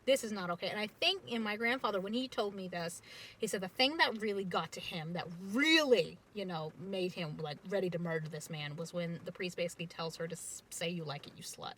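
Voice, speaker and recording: A woman's voice: fairly low pitch, fairly quick, a little hiss or hum, poor audio. Chatty woman telling a story. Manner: chatty, many fillers, animated. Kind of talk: casual storytelling.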